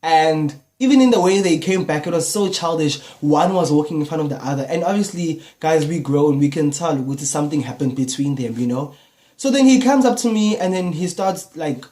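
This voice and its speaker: A man's voice: fairly high pitch, fairly quick. Young South African man telling a story. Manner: casual, animated retelling with slang fillers. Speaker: YouTuber. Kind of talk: storytime vlog.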